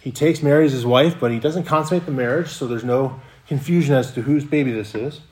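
A man's voice: medium pitch, a little fast, a little mellow. Earnest male pastor preaching a sermon. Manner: earnest, repeats words and restarts phrases.

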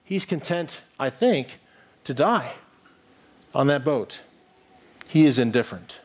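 A man's voice: mid-range voice, lively intonation, slow. A middle-aged pastor delivers a sermon in an earnest, conversational voice. He reads scripture aloud and restarts his phrases as he thinks aloud.

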